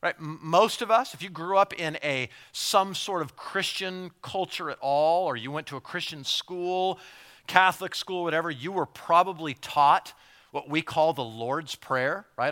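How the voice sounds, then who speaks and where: Animated bright-voiced male preacher. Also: a little high, unhurried. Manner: animated, conversational preaching with many repeated words and acted-out asides. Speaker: pastor. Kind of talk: sermon.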